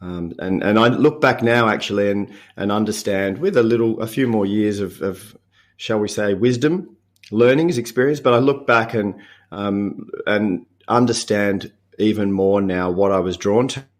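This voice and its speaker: A man in his fifties with an Australian accent, a podcast guest talking in a relaxed, reflective way with frequent chuckles and halting restarts. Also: lowish voice. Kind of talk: casual interview chat.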